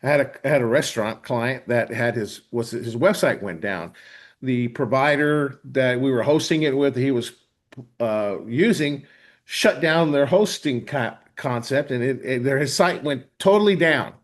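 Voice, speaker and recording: Excited man hosting a live demo. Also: medium pitch, normal speed. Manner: enthusiastic, frequent "right?" tags. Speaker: host.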